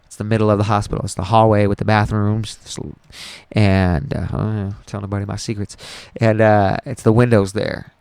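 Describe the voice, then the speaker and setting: A young man with a low, gravelly voice talks through a painful memory. He rambles, swears freely and trips over his own words. His voice is smooth and resonant, and the recording is dry and close. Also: flat delivery, a little fast, a little mellow, dry recording. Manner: rambling, profane and emotional, with many restarts. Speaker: podcast host. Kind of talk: casual personal storytelling.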